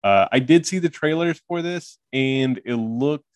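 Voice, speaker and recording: A man's voice: mid-range voice, measured pace, dry recording. Young male podcast host, loose filler-heavy banter, close dry mic. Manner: laughing, filler-heavy, rambling. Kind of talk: casual movie podcast chat.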